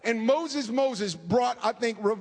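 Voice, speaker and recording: A man preaching a fervent sermon, talking fast and calling out to the congregation. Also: extremely high pitch, animated. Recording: long hall reverb.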